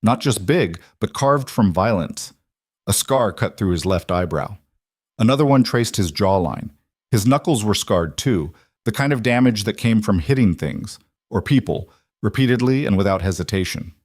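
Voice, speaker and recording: A man's voice: lowish voice, expressive, normal speed, dry recording, clean studio sound. A man reading scripted narration of a tense story in a dramatic, suspenseful way.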